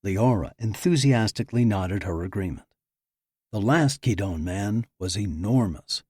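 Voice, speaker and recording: A man narrating an audiobook thriller in an even, measured reading. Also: on the low side, slightly rough, no echo, studio quality. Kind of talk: scripted narration.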